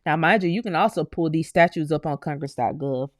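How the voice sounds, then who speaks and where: A woman's voice: low-pitched, no echo, studio quality. A young woman, hosting her own channel, reads old legal documents aloud and stops to comment to viewers. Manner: halting, loses her place, addresses viewers as y'all. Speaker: channel host.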